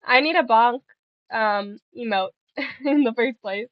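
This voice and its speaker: Young woman chatting w her stream, giggly and playful, kinda high voice, dry muffled mic. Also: takes it slowly, dry recording. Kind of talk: casual chat with viewers.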